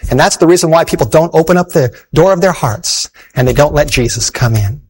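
A man's voice: on the high side, animated, fairly quick, slight background noise, natural voice. A man voicing an uneasy, non-religious father who gives hesitant, fumbling answers in a told story.

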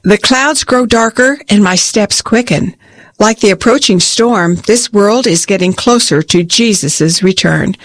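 A woman reads a scripted devotional in a calm, steady voice. The sound is dry and close, with no room around her. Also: mid-range voice, a little slow, dry recording. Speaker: devotional reader.

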